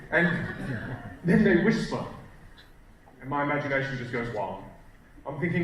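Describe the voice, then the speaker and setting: A man's voice: fairly high pitch, expressive, a little fast, long pauses, a bit bright, far from the mic, a little hiss or hum. A man in his thirties gives a keynote as a self-deprecating, playful storyteller in a large hall. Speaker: keynote speaker. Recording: echoey hall, crowd laughter.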